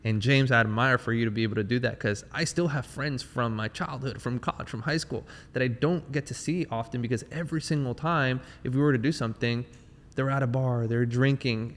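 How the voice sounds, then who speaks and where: A man's voice: mid-range voice, brisk, in a large hall, a little hiss or hum. A man hosting an interview, enthusiastic and motivational, speaking straight to his listeners. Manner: enthusiastic, motivational, addresses the audience. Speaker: podcast host.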